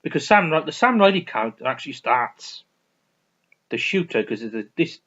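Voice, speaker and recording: A man's voice: a little high, very animated, normal speed, fairly bright tone. A man rambling through a casual film review, restarting sentences and swearing freely. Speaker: vlogger reviewing films. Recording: dull lo-fi recording.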